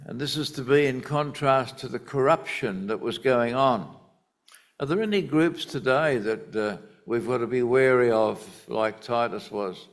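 A man preaching a sermon, teaching from the Bible in a deliberate, emphatic way. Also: mid-range voice.

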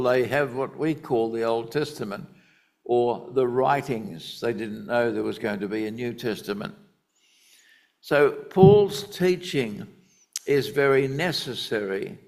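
A man preaching a sermon, teaching from the Bible in a deliberate, emphatic way. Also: mid-range voice.

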